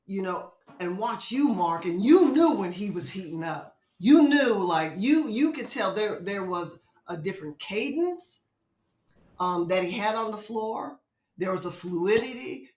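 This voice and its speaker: A woman guest in a casual interview, telling stories in an animated way, often laughing. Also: on the low side, roomy sound. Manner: animated storyteller who laughs often and does voices. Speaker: guest, former basketball player and commentator.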